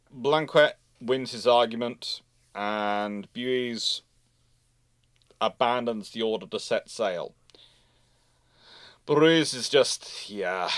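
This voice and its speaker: A man's voice: medium pitch, a bit bright, smooth, dry recording, clean studio sound. Chatty man giving a livestream history lecture. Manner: conversational, with fillers and self-corrections. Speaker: naval history lecturer and channel host.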